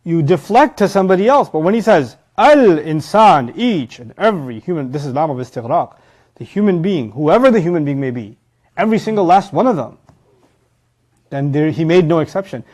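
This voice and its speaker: A man giving a lecture-style sermon. He recites Arabic phrases and explains them in English, swinging from loud emphasis to quiet asides. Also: a little high, big pitch swings, brisk. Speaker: preacher teaching Quran.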